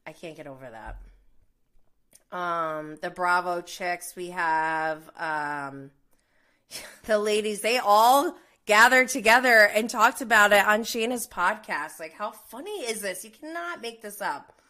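A woman in her thirties with an animated, medium-pitched, sharp voice takes her time as she gossips about reality TV. As a commentator she's chatty, saying "like" constantly, laughing between lines and breaking into indignant outbursts.

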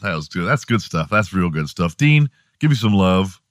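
A man's voice: deep voice, very animated, normal speed. A man hosting a morning show, delivering a profane, sarcastic comedic rant.

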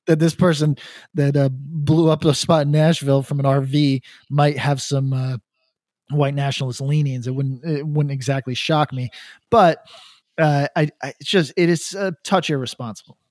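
A man's voice: on the high side, steady tone, normal speed, a little mellow, no room sound, studio quality. A man co-hosting a podcast in casual chat, rambling and profane, stumbling over restarts. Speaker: podcast co-host.

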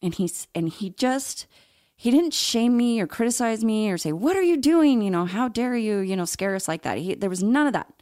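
A woman's voice: fairly high pitch, big pitch swings, normal speed, dark tone, no room sound, clean studio sound. A middle-aged woman, an interview guest, telling her personal story in a candid, reflective way with occasional laughs.

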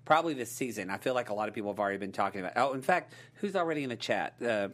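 Animated man co-hosting a fan show. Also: fairly low pitch, racing. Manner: animated, playful, sing-song hype. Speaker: co-host. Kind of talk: casual show chat.

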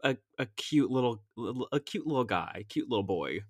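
A man's voice: medium pitch, expressive, a little fast, dry recording, clean studio sound. A man co-hosting a casual podcast, reacting with playful teasing and eager agreement. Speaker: podcast co-host. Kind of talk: casual chat, listening and reacting.

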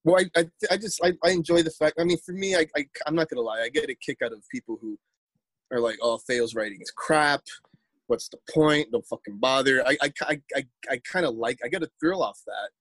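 A man's voice: a little high, fast, breathy edge, no echo. A man, a poet telling a story in a casual interview, rambling and repeating words as he acts out quotes.

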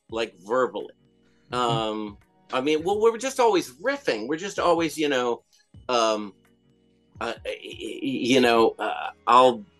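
A man's voice: mid-range voice, a bit bright. Middle-aged male interviewee, chatty and meandering, lots of fillers, faint music behind. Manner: rambling, hesitant, many fillers and restarts. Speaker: interviewee, comedian and songwriter. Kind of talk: casual interview storytelling.

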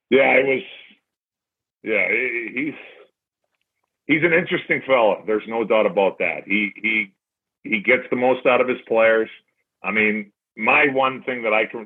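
Low husky man, tinny phone sound. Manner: animated, acts out his own past remarks. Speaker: podcast guest, former hockey player. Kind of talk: casual storytelling.

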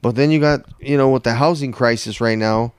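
A man chatting casually on a podcast, relaxed, cracking quick jokes and swearing a lot. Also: medium pitch, clean tone, no echo, studio quality. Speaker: podcast co-host. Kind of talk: casual chat.

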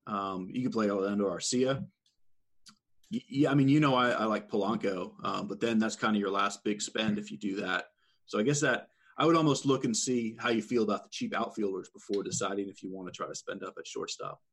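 A man giving measured fantasy sports advice in a casual chat, with a dry sense of humor. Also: on the low side, fairly bright tone, breathy edge. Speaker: fantasy sports analyst guest.

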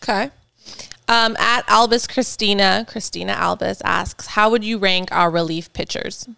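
Bright gravelly-voiced podcast woman. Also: medium pitch, fairly even intonation, moderate pace, dry recording. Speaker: podcast co-host reading listener questions. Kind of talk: casual sports podcast banter.

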